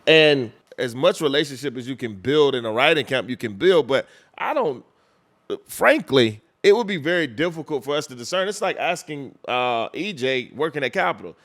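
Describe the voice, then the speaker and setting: A man, a record label executive, talking in a casual interview, animated and restarting his phrases often. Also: mid-range voice, moderate pace.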